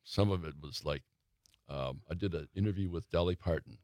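An older man, a longtime theater critic, reminiscing slowly and haltingly in a casual talk-show chat. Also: deep voice, a little mellow, no echo, studio quality.

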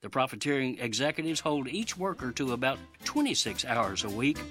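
A man's voice: mid-range voice, expressive, fairly quick, fairly bright tone, husky, no room sound, clean studio sound, soft background music. A man reading a scripted radio commentary in a folksy, sarcastic editorial style.

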